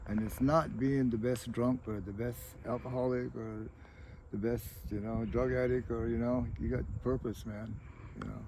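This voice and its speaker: A man's voice: medium pitch, fairly even intonation, normal speed, dark tone, slight background noise, rough recording. A middle-aged man talking through personal stories in a casual interview, rambling and dropping "you know" again and again. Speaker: tribal chair candidate.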